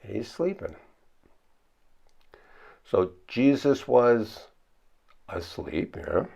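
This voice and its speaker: A man's voice: big pitch swings, drawn-out words, creaky, warm tone, slightly rough. A pastor preaching a conversational sermon, asking his listeners questions and answering them himself. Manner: acts out the frightened disciples in high pleading voices.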